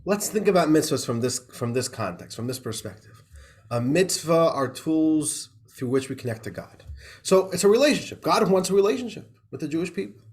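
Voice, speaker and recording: A man's fairly quick, slightly high, sing-song voice belongs to a rabbi leading a casual class. His lecture includes a joke, and he chats with laughs, frequent restarts and tag questions like "right?".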